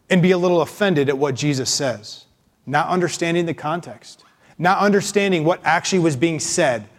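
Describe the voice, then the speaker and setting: Emphatic male pastor preaching. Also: sits high. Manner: emphatic, expressive, acts out voices. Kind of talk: sermon.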